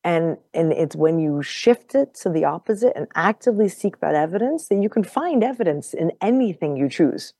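Low-voiced woman telling a story, laughing often. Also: moderate pace, few pauses, no echo, clean studio sound. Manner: animated, laughs often, repeats words while telling a story. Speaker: podcast guest. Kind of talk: casual conversational storytelling.

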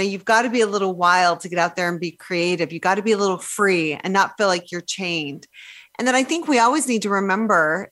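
A woman's voice: medium pitch, fairly bright tone. Earnest woman guest, encouraging. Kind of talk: casual radio chat.

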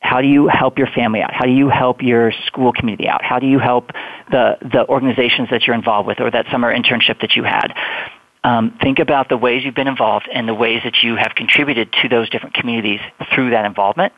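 A man's voice: mid-range voice, fast, no echo. Male guest advisor on a phone line; easygoing, filler-heavy advice. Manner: relaxed, explanatory, many fillers. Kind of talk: conversational advice. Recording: tinny phone line, dry.

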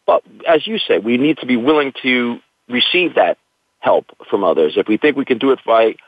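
A man's voice: medium pitch, lively intonation, moderate pace, no echo. A middle-aged man, a guest in an interview, telling his own story in an earnest, reflective way. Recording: tinny dry phone line.

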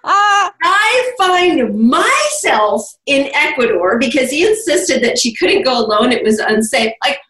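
A woman's voice: sits high, sing-song, normal speed, few pauses, fairly bright tone. A middle-aged woman, a guest coach in an interview, telling stories with enthusiasm and frequent laughter. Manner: enthusiastic storyteller, laughs often. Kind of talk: conversational interview. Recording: roomy, distant from mic.

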